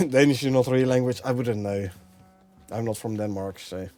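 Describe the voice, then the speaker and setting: A man's voice: mid-range voice, moderate pace, warm tone, soft background music. A man from the Netherlands with a Dutch accent, streaming a game and chatting with viewers, thinking aloud and laughing often. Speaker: gameplay streamer. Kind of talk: casual live-stream commentary.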